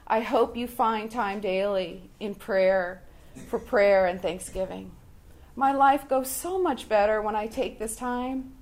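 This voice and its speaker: A woman shares a devotional reflection with her Bible study group. Her voice sits a little high, and she talks very slowly, leaving pauses between short phrases. She keeps an earnest, measured tone throughout.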